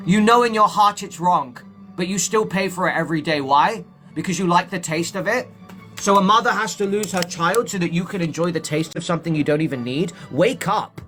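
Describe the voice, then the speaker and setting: A man's voice: high-pitched, a little fast, bright, forceful tone, faint music behind. A man live-streaming from home, urging his viewers in a preachy way and repeating points for emphasis. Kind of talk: impassioned live-stream monologue.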